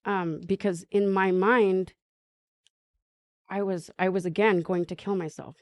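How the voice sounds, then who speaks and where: A woman from northern Manitoba, candidly telling her own recovery story as a podcast guest, halting and restarting often. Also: medium pitch, fairly even intonation, dry recording, studio quality. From northern Manitoba, Canada. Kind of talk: personal recovery story, conversational.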